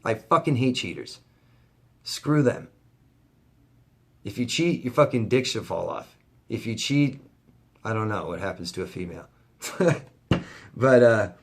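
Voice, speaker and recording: A man's voice: medium pitch, breathy edge. Male coach, vlog rant to camera: blunt, profane, heated, repeats himself for emphasis. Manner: blunt, heavy swearing, heated and repetitive. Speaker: life coach.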